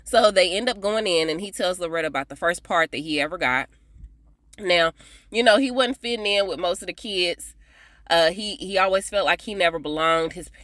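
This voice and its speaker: A woman recapping a TV episode in a casual, chatty way, animated and often laughing as she talks to her viewers. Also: fairly low pitch, dry recording. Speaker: TV episode reviewer.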